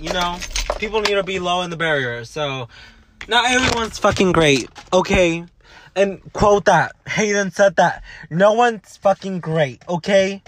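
A young man with a high-pitched voice rants into his camera, dramatic and full of swearing. He talks like a student venting about school and the people around him, in a loose, casual vlog. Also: noisy background. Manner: ranting, profane, dramatic. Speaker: vlogger, student. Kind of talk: profane ranting vlog.

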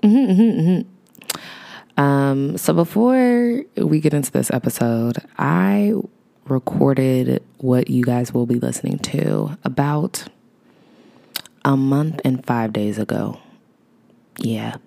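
A woman's voice: extremely low pitch, expressive, takes it slowly, vocal fry, dark tone. A woman hosting her own podcast, talking in a rambling, reflective, casual way with chatty asides. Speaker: podcast host. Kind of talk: casual solo podcast monologue.

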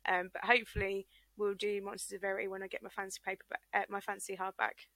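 A woman's voice: medium pitch, level tone, fast, sharp tone, no room sound. A young woman co-hosting a casual podcast chat, joking wryly and laughing often. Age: young adult. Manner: wry and jokey, laughs often. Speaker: podcast co-host.

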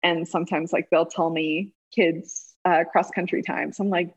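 A woman's voice: on the low side, steady tone, unhurried, husky, highs cut off. A woman of about thirty from South Africa, with a South African accent now tinged with a Southern US twang, chatting in an interview and laughing often. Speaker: interview guest, former college runner. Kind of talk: casual interview chat.

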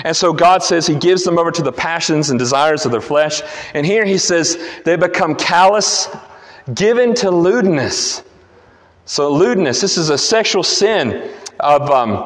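A man preaches an earnest verse-by-verse sermon in a slightly high voice. He often restarts his phrases as he explains the text. His voice carries a long reverb from a church hall. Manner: earnest teaching, frequent restarts. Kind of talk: expository sermon.

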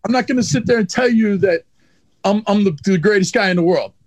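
A high-pitched man telling a blunt, profanity-laced backstage story with animated energy. His voice is recorded dry and close, with no room sound. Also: a little fast, no echo. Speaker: wrestling manager guest. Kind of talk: candid storytelling interview.

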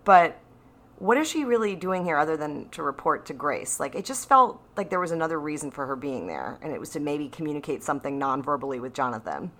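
Woman, low-pitched, casual podcast chat, animated, laughs a lot. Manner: animated, laughs often, quick asides. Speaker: podcast co-host. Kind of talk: casual chat recapping a TV episode.

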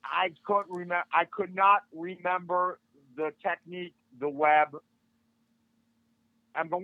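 A man's voice: high voice, normal speed, no room sound. An older man, a martial arts instructor, telling a story as a podcast guest and acting out the dialogue of the people in it. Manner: animated, acts out quoted dialogue. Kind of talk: casual storytelling. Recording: tinny phone-like line, dry.

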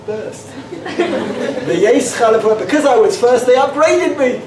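High-voiced man, animated talk, stammering restarts, frequent laughs, distant mic, echoey room with background noise. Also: measured pace. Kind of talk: informal talk with humorous anecdotes.

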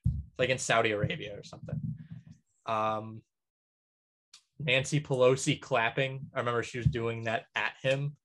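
A man's voice: medium pitch, steady tone, moderate pace, pauses often, a bit bright. A man co-hosting a podcast, casually rambling through a list with frequent ums and light chuckles. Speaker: podcast co-host. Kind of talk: casual chat.

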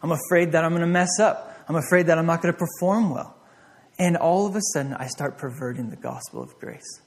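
A man's voice: a little high, a little fast. A man preaching a conversational sermon as pastor, acting out back-and-forth dialogue with God.

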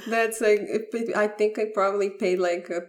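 A woman's voice: medium pitch, steady tone, normal speed. A young woman guest in a casual interview, speaking heartfelt and personal with many "like" fillers. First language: Bulgarian. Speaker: podcast guest.

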